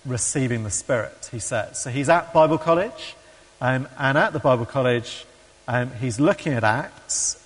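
Male preacher, mid pitch, halting delivery full of ums, long hall reverb. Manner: hesitant with many ums, acts out quoted voices. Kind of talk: sermon with read-aloud story.

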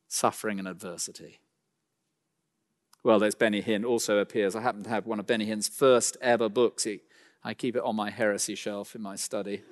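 A man preaching a sermon, swinging between loud emphatic lines and quiet slowed phrases, with dry asides. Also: medium pitch. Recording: long hall reverb.

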